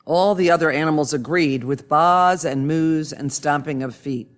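A man reading a children's storybook aloud in a gentle, soft-spoken way. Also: on the high side, normal speed.

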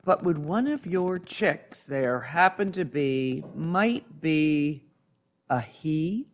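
Storybook pig, read by a man: courteous, snuffling, formal, unhurried. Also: on the high side, animated. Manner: formal, stately phrasing. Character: very polite, snuffling male farm pig.

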